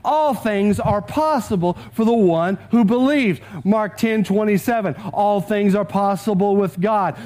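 A pastor preaching a sermon with a Texan accent, urging the congregation to repeat scripture aloud with him. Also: male voice, high-pitched, a little mellow.

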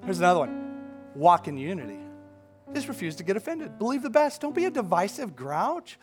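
A man's voice: sits high, big pitch swings, fairly quick, soft background music. A male pastor preaching a sermon in a church, emphatic and building to fervent declarations. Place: church sanctuary.

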